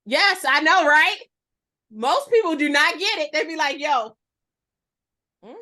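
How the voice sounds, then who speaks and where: Woman in her forties, animated podcast guest, acts out voices. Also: sits high, moderate pace. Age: 40s. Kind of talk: casual conversation.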